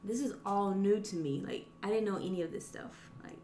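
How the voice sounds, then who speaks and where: A woman's voice: medium pitch, a little fast, warm tone, a little hiss or hum. Hesitant, reflective woman in an echoey room. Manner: hesitant, reflective, laughs often. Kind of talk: casual podcast conversation. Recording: roomy echo.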